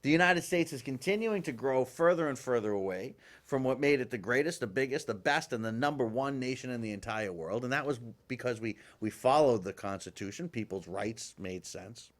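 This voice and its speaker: Animated, exasperated male talk show host. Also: mid-range voice, brisk, hardly any pauses. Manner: animated, exasperated, rambling with restarts. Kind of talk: political talk show commentary. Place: live studio with guests.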